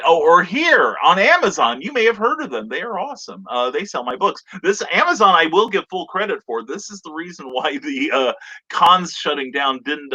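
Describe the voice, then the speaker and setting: A man's voice: on the high side, pushed and bright. A man hosting a casual live stream, chatting and reading out viewer comments. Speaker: podcast host. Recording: lo-fi streamed audio.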